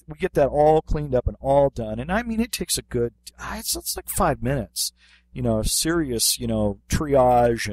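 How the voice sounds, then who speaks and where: Animated man telling a story. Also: medium pitch, no room sound. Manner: animated anecdote telling with many fillers. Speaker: podcast co-host, martial arts instructor. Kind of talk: casual storytelling chat.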